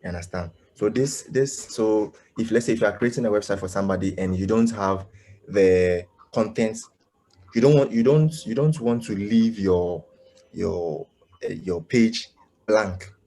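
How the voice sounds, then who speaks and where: During a live online coding lesson, a male instructor speaks in a deep, warm voice. He is halting and uses many fillers, repeatedly checking in with "you understand?"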